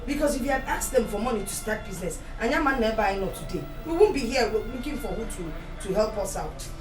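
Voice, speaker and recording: A woman's voice: fairly high pitch, expressive, quick pace, distant mic, over music, natural voice. A woman with a Nigerian accent playing a worried mother who lectures her child. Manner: lecturing, indignant. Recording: echoey room, voice from afar.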